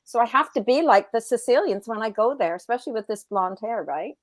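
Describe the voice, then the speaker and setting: A woman talking casually on a group livestream, laughing and telling stories in an animated way. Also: a little high, a little fast, no echo.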